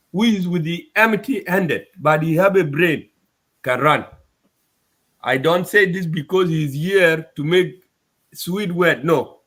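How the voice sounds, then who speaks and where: A man's voice: high-pitched, fairly bright tone. A man from Sudan, giving an upset, emphatic address to his community and repeating his points. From South Sudan. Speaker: community speaker.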